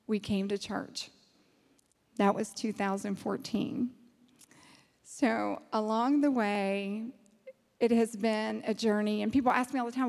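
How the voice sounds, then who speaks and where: A woman, a ministry leader giving an emotional testimony to a church gathering, laughing often as she talks. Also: on the high side. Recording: long reverb of a hall.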